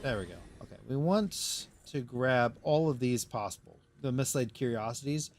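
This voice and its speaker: A man's voice: mid-range voice, moderate pace, a little mellow, a little hiss or hum. A man streaming a game live, rambling through casual commentary to himself and his chat.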